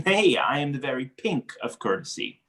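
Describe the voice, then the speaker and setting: A man reading the part of a witty, mocking young nobleman in a cold read of a stage play over a video call, with playful, animated delivery. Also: medium pitch, normal speed, natural voice. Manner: playful, teasing, animated wordplay.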